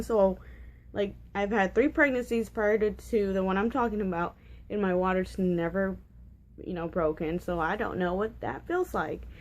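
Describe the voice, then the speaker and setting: A young woman in her twenties talks straight to her camera in a loose, chatty vlog. Her voice sits at a middling pitch, and she rambles with lots of "like" and "um" and frequent restarts. She is candid and a little giggly about awkward details. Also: a little slow, darkish tone. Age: 20s. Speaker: vlogger. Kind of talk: casual storytelling vlog.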